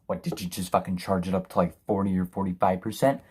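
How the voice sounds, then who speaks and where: Husky, sarcastic, ranting male film reviewer. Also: sits low, little pitch movement, fast, darkish tone. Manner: sarcastic, profane, exasperated ranting.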